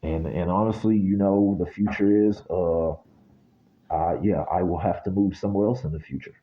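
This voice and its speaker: American guy doing a reading, low voice, blunt and sweary, kinda muffled audio. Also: steady tone, moderate pace. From United States. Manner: blunt, ranting, swears freely. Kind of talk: casual spiritual reading monologue.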